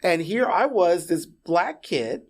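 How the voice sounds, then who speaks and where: Speaking slowly in a high voice, a middle-aged man from Puerto Rico appears as a podcast guest in a relaxed interview. He tells stories with lots of energy, frequently starting over and repeating himself.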